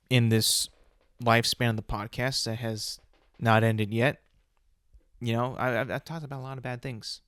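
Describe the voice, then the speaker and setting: A man's voice: medium pitch, a bit bright, no echo, clean studio sound. A man hosting a solo podcast, ranting bluntly with lots of swearing and repeated words. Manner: blunt, profane, repetitive ranting. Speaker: podcast host.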